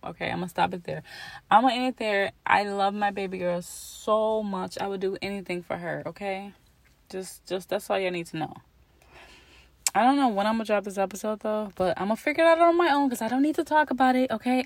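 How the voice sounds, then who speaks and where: A woman's voice: medium pitch, normal speed, no echo. Rambling, emotional young woman. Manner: rambling and emotional, full of "like" and restarts. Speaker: podcast host. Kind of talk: casual personal monologue.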